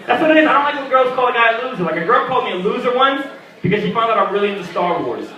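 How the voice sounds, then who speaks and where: A young man doing a stand-up comedy set, animated and acting out characters with sudden loud squawks. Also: extremely high pitch, racing, very noisy. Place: small comedy venue at a birthday party. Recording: echoey room, mic at a distance. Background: audience laughter.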